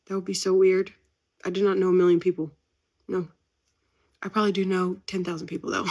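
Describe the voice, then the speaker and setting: A woman's voice: lowish voice, flat delivery, a little fast, darkish tone. A woman, chatting casually as host of her own podcast, upbeat and very talkative. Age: 30s. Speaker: podcast host and business owner. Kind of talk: casual chat.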